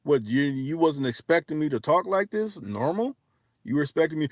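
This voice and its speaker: Very animated and on the high side, this livestream host speaks with an African American English accent at a moderate pace. His casual chat is profane and full of restarts, captured as a dry, clean studio recording.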